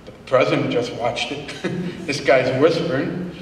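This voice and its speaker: A man's voice: mid-range voice, unhurried, slight background noise. A man giving a motivational speech to a live audience, punchy and repetitive, with folksy slang. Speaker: motivational speaker. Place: large hall. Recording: echoey hall from far off.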